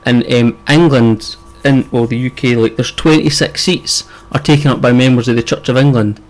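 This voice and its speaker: A man's voice: medium pitch, steady tone, moderate pace, low-quality recording. A young man with a Scottish accent, co-hosting a podcast in casual chat, rambling with lots of fillers and casual swearing. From Scotland. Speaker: podcast co-host.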